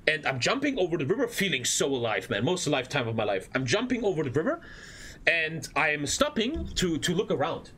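A man's voice: on the high side, fairly quick, husky. Swearing German man telling a wild story. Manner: animated storytelling, swears a lot, acts out voices. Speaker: streamer reacting to a video. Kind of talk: casual reaction stream chat.

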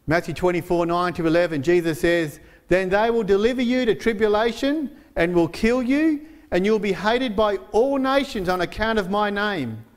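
Man, pastor, high voice, earnest sermon, fillers and restarts, slowed emphasis on verses. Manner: frequent fillers and restarts while preaching.

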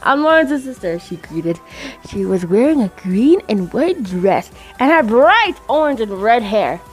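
A woman's voice: a little high, sing-song, measured pace, faint music behind. A woman casually reading fan fiction aloud into a microphone, giggling, stumbling over words and adding chatty asides. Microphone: desk microphone.

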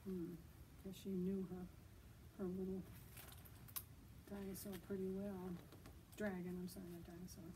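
A woman librarian reading a picture book at a children's storytime, gently asking her listeners questions as she goes. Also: medium pitch, level tone, unhurried, pauses often, far from the mic, background noise. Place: outdoors.

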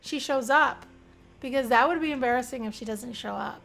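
A young woman hosting a life-sim game channel, giving excitable casual commentary with frequent squeals and laughter. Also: fairly high pitch, moderate pace, creaky. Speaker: gaming channel host. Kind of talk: casual let's-play commentary.

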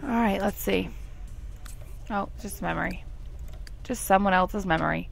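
A woman's voice: medium pitch, unhurried, vocal fry, soft background music. A young woman giving casual, chatty commentary over a life-simulation game, laughing often and talking to the characters. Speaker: gameplay commentator. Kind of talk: casual let's play commentary.

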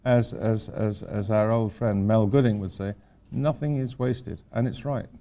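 A man's voice: lowish voice, steady tone, normal speed, warm tone. An older man giving an informal architecture lecture to students, rambling with wry, self-deprecating asides. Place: lecture hall at a university.

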